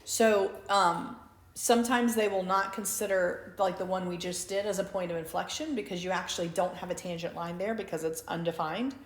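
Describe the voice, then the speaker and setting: A woman's voice: lowish voice, steady tone, moderate pace. A woman teacher giving a recorded calculus lecture in a classroom, chatty and prone to asking "right?" with dry sarcastic asides. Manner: conversational, asks for agreement with "right?". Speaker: math teacher. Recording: echoey room.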